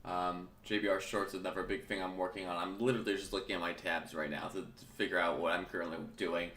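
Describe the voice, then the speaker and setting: A man's voice: low-pitched, flat delivery, fast, bright, forceful tone, reverberant, a little hiss or hum. A man hosting his own casual morning talk show, rambling and correcting himself, with his early-morning voice still in his throat. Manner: chatty, rambling, self-correcting. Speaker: podcast host.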